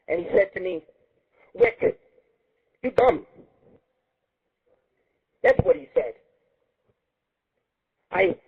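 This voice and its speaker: A man's voice: high voice, slightly rough. A man hosting an internet radio show, ranting crudely and rambling with constant swearing. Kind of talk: profane comedic radio rant. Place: home radio studio. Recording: tinny phone-like lo-fi stream.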